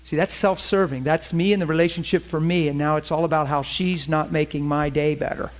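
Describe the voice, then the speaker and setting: Middle-aged guy preaching, kinda high voice, chatty sermon w/ acted-out quotes. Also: fairly even intonation, a little fast.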